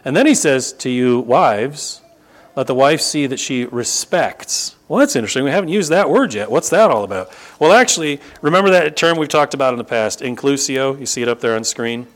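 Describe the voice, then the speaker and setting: Middle-aged male pastor, emphatic teaching sermon, mid-pitched voice, repeats words for stress. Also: expressive, a little fast. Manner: emphatic, rises to sharp high bursts and repeats "no, no, no"; teaching, explains Greek grammar to the congregation.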